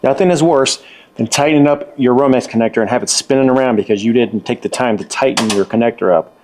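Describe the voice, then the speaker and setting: A man's voice: mid-range voice, fast, darkish tone, slight background noise. A man explaining electrical wiring step by step in a casual hands-on tutorial, folksy and repeating himself for emphasis.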